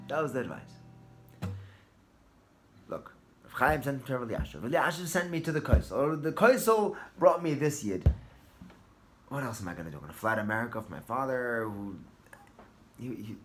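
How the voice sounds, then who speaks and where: A man telling a Torah thought and a story in an animated way, repeating words and dropping to a hush at tense moments. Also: mid-range voice, a little fast, pauses often. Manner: animated, restarts and repeats words, drops to hushed tones. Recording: guitar music under the voice.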